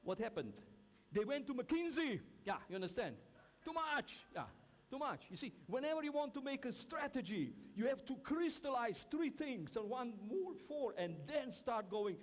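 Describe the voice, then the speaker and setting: A man giving a lively conference talk in broken English, emphatic and playful, acting out little asides between violin demonstrations. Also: very high-pitched, normal speed. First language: Slovenian. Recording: echoey hall, violin music between phrases.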